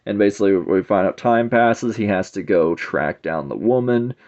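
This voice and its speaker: A man with a low voice talks through a comic book review in a loose, rambling way, stringing thoughts together with "it's like." The recording is dull and lo-fi. He sounds like he is chatting rather than reading a script. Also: normal speed, a little mellow. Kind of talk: casual spoken review.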